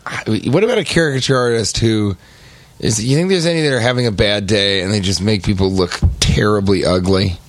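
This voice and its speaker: A man's voice: on the low side, fairly quick, no echo. A man co-hosting a comedy podcast, improvising playfully and slipping into characters. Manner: playful, acts out characters in bursts.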